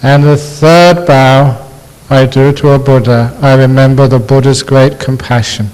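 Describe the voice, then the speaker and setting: A man, a Buddhist monk, giving a dharma talk with slow, gently humorous storytelling in a university lecture hall. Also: medium pitch, fairly even intonation, smooth.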